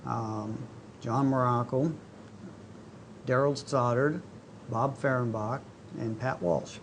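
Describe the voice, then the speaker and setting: Guy explaining some web tool on a talk show, lots of ums, mid pitch, faint hiss. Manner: halting, filler-heavy explaining. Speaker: software consultant guest. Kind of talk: casual talk show interview.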